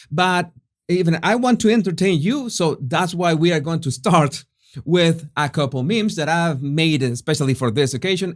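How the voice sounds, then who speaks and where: Male host, commentary vlog, fairly high voice, very animated, lots of ums. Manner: animated, with frequent fillers and restarts.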